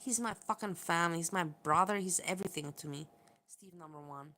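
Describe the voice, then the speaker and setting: A woman's voice: lowish voice, brisk, bright, forceful tone. A woman vlogger talking candidly and bluntly, swearing often as she vents to viewers. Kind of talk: candid vlog rant. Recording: faint background noise.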